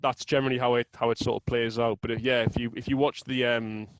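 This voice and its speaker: Male guest, steady explainer, mid pitch, dry close sound. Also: no room sound, low-quality recording. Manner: measured, explanatory, with fillers and restarts. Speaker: guest, sales software co-founder. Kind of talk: casual interview chat.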